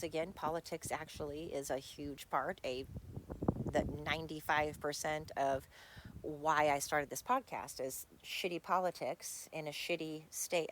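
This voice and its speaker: A woman hosting her own podcast, talking bluntly and candidly in a rambling solo monologue. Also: lowish voice. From United States. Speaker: podcast host.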